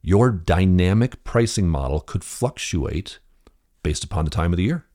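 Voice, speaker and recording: A man in his fifties hosting a business podcast, telling a family story with quoted dialogue, talking casually and restarting often. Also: moderate pace. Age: 50s. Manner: storytelling, acts out quoted dialogue with animated pitch jumps; frequent restarts and fillers, addresses the listener directly. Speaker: podcast host. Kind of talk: conversational business talk.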